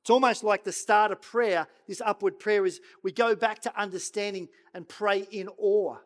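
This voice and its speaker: A middle-aged male pastor delivering a sermon, swinging from loud urging to hushed, slow prayerful lines. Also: high-pitched, steady tone.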